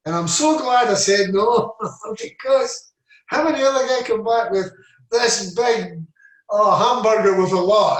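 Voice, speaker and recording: A man's voice: high-pitched, moderate pace. A Scottish man in his seventies, a former footballer telling rambling stories in a casual interview, full of "I said" and "you know". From Scotland. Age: 70s. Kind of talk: casual storytelling. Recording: echoey room, mic at a distance.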